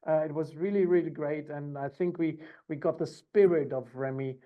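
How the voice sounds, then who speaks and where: Halting male host on a video call. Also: fairly high pitch, steady tone, narrow, tinny audio. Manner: hesitant, many restarts and fillers. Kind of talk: video call round table.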